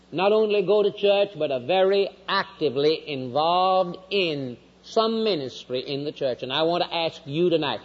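A man with a high voice preaches with fervor, lifting his lines into loud peaks and then sinking them low. He was recorded on dull, lo-fi old tape. A long reverb trails his words across the hall. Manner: impassioned preaching, swinging from loud highs to low quiet lines. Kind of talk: sermon.

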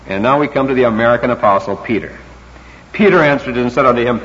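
Preacher in a reverberant hall. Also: male voice, mid-range voice, expressive, a little fast. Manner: dramatic swings between loud emphasis and quiet intensity; reads scripture in King James wording. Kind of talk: sermon. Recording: dull lo-fi recording, long hall reverb.

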